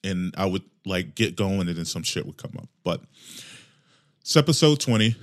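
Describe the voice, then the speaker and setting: A man with a deep, expressive voice speaks at a normal pace, hosting his own podcast solo. He talks casually into a desk microphone while wearing headphones, rambling, joking and swearing as he goes.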